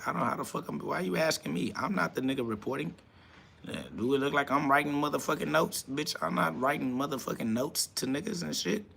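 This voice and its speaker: Gravelly, combative male live streamer. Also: mid-range voice, bright, forceful tone. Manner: combative, profane, answers chat comments. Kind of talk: ranting live stream talk.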